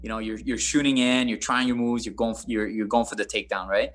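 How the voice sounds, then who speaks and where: A man, a former MMA fighter, telling stories in a casual interview, animated and rambling with frequent laughter. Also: lowish voice, fast. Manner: animated, rambling, laughs often, many fillers.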